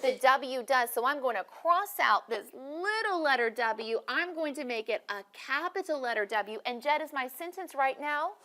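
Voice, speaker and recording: A woman's voice: sits high, lively intonation, moderate pace, few pauses, sharp tone. A woman teaching a phonics lesson, encouraging students and asking them questions by name.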